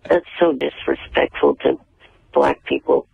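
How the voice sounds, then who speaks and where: Gravelly stubborn man on a phone line. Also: medium pitch, measured pace, no echo. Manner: stubborn, flat refusals. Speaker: caller, actor. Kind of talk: phone-in radio talk.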